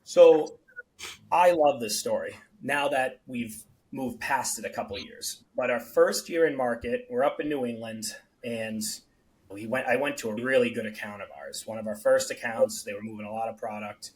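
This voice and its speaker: A man at a middle pitch tells stories about building his business in an easy, conversational way. He acts out the people he quotes, and his voice jumps up and gets louder when he plays them. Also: normal speed, rough recording. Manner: animated storyteller, acts out quoted dialogue. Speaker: guest, beverage company founder. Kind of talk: casual podcast storytelling.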